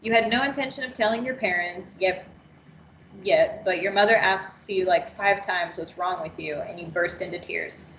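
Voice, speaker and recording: A woman trainer reading an interactive story aloud in the second person, steady and unhurried. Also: lowish voice, echoey room, muffled recording, slight background noise.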